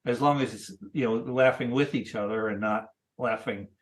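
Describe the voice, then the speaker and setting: A man in his sixties, a cartoonist guest, chatting casually in a thoughtful, halting way with many restarts. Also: on the low side. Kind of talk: casual interview chat.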